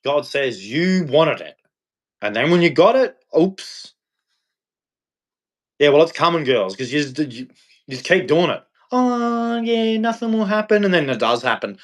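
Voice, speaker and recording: A man's voice: medium pitch, expressive, unhurried, pauses often, fairly bright tone. An Australian man ranting on a livestream in a blunt, scolding, preachy way. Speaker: livestream host. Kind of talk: livestream rant.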